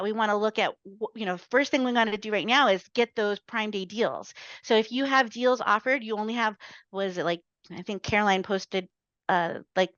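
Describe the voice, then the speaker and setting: A woman speaking as a webinar guest in a chatty way, full of quick asides and self-corrections. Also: on the high side, a bit bright, no echo. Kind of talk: casual webinar talk. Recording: dry, dull lo-fi audio.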